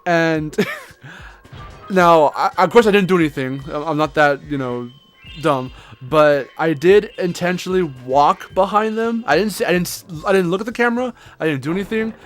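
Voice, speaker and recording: A man's voice: a little high, moderate pace, soft background music. A young man chatting casually as co-host, rambling, swearing and laughing often. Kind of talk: casual chat.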